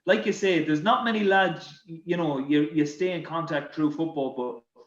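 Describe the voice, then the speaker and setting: A man speaking as a podcast guest in casual conversation, talking haltingly with many repeated words and fillers. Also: a little high. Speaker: guest, former footballer. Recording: roomy, slightly dull sound.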